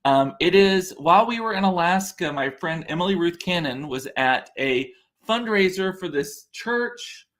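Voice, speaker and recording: A man's voice: high-pitched, animated, a little slow, hardly any pauses, a bit bright. A man hosting a podcast, chatting casually and rambling, often interrupting himself as he answers viewers. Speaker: podcast host. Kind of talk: casual chat reading viewer comments.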